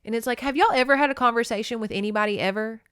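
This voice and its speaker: A woman hosting a casual book-recap podcast, animated and joking, with quick asides and swearing. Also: a little high, smooth, no room sound, clean studio sound. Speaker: podcast host.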